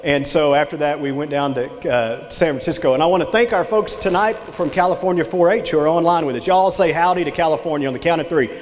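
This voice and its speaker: A man's voice: a little high, quick pace, few pauses. Man, Texan accent, middle-aged, folksy storyteller, motivational speech, long hall reverb. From Texas. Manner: storytelling, engages the crowd with questions. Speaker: extension director giving a leadership talk. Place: large hall with live audience.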